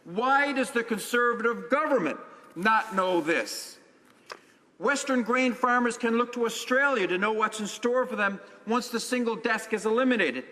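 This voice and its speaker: A man's voice: very high voice, normal speed, sharp tone. A man from Newfoundland and Labrador, a member of parliament, giving an emphatic debate speech full of rhetorical questions and repeated phrases in a large legislative chamber. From Newfoundland and Labrador, Canada. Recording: reverberant chamber sound.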